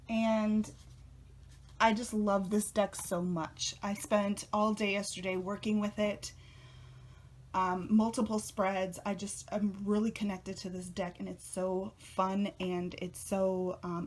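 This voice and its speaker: A young woman chatting casually as a tarot vlogger, a little out of breath, bubbly and excitable and laughing often. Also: mid-range voice. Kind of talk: casual chat.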